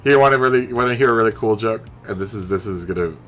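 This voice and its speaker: A man's voice: lowish voice, quick pace, a bit bright, soft background music. A man live-streaming a racing game, chatting loosely with his viewers in a rambling way and laughing at his own jokes. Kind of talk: casual chat with live chat viewers. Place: home streaming setup. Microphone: studio mic through a mixer.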